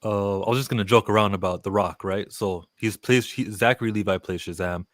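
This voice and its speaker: A man's voice: lowish voice, brisk, dry recording, studio quality. A man calling in to a live stream to joke around, rambling and stumbling over his words. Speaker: caller. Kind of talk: joking call-in comment.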